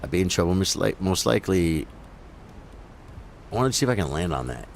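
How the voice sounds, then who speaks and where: An excitable man giving live gameplay commentary on his stream, his pitch leaping around a lot. He chats casually and then bursts into high, loud yelps in the heat of a fight, with a faint hum behind him. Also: brisk, gravelly. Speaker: game streamer.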